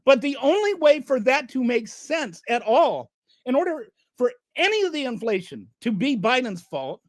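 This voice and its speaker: A fed-up channel host delivers sarcastic political commentary in a ranting style. The pitch swings widely, rising sharply in moments of exasperation. The recording is dry and close, with no room echo. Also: very animated, normal speed.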